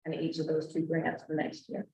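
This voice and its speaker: Woman, board meeting, explanatory, halting, echoey room, far from mic. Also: sits low, monotone, a little mellow. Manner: explanatory, halting, repeats words. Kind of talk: public board meeting discussion. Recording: roomy echo, distant mic.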